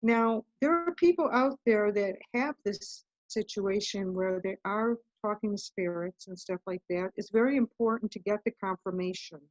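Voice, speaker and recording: A woman's voice: mid-range voice, moderate pace, hardly any pauses, dry recording. A woman guest telling her story in an interview, earnest and rambling, often breaking off and restarting. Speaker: guest author. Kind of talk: casual interview talk. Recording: dull, muffled lo-fi audio.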